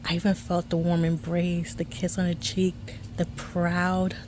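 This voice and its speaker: A woman's voice: on the low side, monotone, unhurried, a little mellow. A woman in a fitness program sharing a heartfelt, tender video testimonial.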